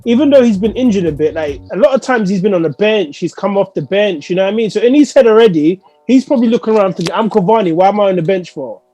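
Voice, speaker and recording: A man with a notably high voice co-hosts a relaxed football debate. He talks at length, pushes back on the others and pads his points with casual fillers. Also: fast, few pauses, soft background music. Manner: chatty, argumentative, fillers like "you know what I mean". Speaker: football podcast co-host. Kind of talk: casual post-match chat.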